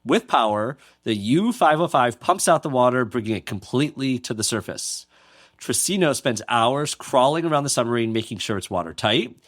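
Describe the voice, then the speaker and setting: A man's voice: mid-range voice, animated, normal speed, a bit bright. A man co-hosting a podcast, narrating a history story casually with joking asides. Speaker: podcast co-host.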